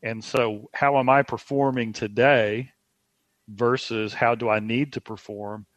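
A man speaking as a podcast guest, explaining coaching ideas in a measured way. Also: medium pitch, fairly even intonation, dry recording. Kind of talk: podcast conversation.

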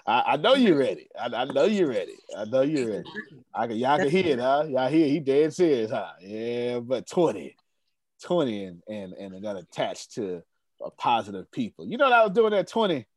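A man in his forties runs a lively online coaching session, pushing his points with emphatic repetition and easy laughter. His voice is mid-pitched and sits in a dry, close space. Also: normal speed, dry recording. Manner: emphatic, repetitive, laughs often, hypes the group. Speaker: host of an online business coaching meeting. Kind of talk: lively group video-call coaching.

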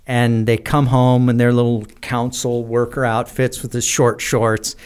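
An American man telling rambling, animated stories as a podcast guest, with many fillers. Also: medium pitch, a little slow, smooth. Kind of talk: casual storytelling in a podcast interview.

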